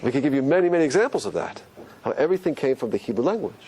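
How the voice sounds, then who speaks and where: Crowd noise surrounds this Torah teacher, who speaks very fast in a mid-range voice. Lecturing about Hebrew letters, he fires question after question at his listeners, animated and rhetorical.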